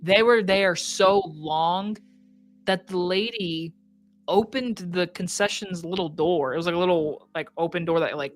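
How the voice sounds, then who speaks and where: Casual storyteller, medium pitch, salty language, faint music bed. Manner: animated storyteller, swears freely, acts out quotes.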